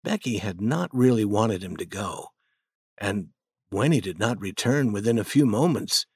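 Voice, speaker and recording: A man's voice: lowish voice, lively intonation, slightly rough, no room sound. Man narrating a storybook, dry sound. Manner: plain, measured.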